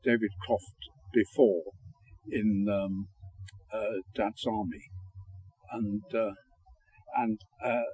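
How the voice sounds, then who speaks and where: An older Englishman reminisces about his acting days at an unhurried pace, his voice mellow and a little husky. His speech rises and falls a lot and is threaded with ums and uhs. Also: lowish voice, dry recording, poor audio. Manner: hesitant, full of ums and uhs, gentle and chatty. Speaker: actor interviewee. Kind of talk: reminiscing interview answers.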